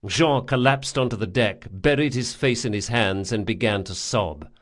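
A man's voice: on the low side, moderate pace. A man narrating a novel as an audiobook reader, with scripted, storytelling delivery.

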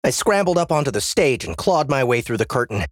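A man's voice: mid-range voice, very animated, brisk, no echo, clean studio sound. A man narrating a first-person story as an audiobook, in a tense, dramatic reading.

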